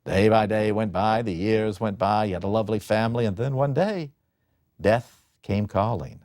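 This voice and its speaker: A man giving a lecture on a classic Greek play, telling the story in an animated, dramatic way. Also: on the low side, moderate pace, dry recording, studio quality.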